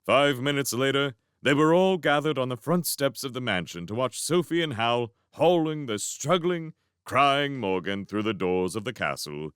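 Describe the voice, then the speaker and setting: A man narrating a fan audiobook reading with expressive storytelling. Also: mid-range voice, moderate pace, few pauses, smooth, no room sound, studio quality. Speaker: narrator, book reader.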